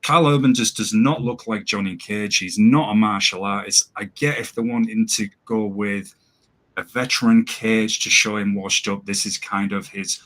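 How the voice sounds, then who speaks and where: A man co-hosting a casual movie review show, opinionated and quick to laugh. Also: fairly low pitch, steady tone, fairly bright tone. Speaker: podcast co-host.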